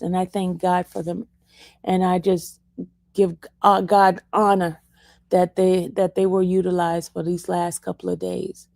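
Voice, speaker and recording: A woman's voice: on the low side, vocal fry, mellow, dry recording, studio quality. A woman giving a casual, fervent testimony to her viewers, emphatic and repeating her phrases for emphasis. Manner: fervent, praising. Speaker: vlogger sharing a faith testimony.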